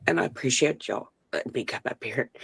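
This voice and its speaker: A woman's voice: rumbling low, brisk, vocal fry, fairly bright tone, breathy edge. Tired woman, earnest and emphatic. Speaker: guest on a live stream. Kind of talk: emotional live-stream talk.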